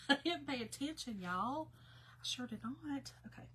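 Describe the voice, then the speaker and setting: A woman's voice: sits high, lively intonation, a little slow, sharp tone, a little hiss or hum. A woman, chatting folksily to viewers during a casual craft tutorial and laughing often. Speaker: craft vlogger.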